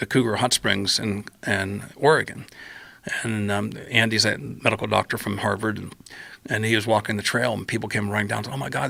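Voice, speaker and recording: As a podcast guest, a man with a lowish voice, a gravelly, creaky edge and a bright, forceful tone tells a personal story. He rambles in an animated, repetitive way, veers into tangents and acts out his own past remarks, with no room sound on the recording.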